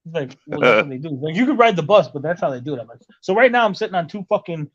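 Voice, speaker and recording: A man's voice: a little high, sing-song, rapid-fire. Profane rambling storyteller, man. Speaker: podcast host. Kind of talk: casual chat. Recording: lo-fi muffled audio.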